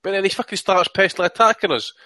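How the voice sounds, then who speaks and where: A man's voice: high voice, rapid-fire, bright, forceful tone, no echo. A man co-hosting a boxing chat podcast, talking casually with many restarts and frequent swearing. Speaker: podcast co-host.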